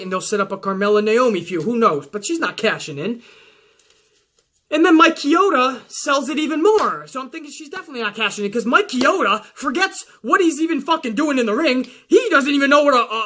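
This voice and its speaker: A man hosting a show, recapping wrestling in an excitable, heavily profane casual way. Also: very high-pitched, a little fast.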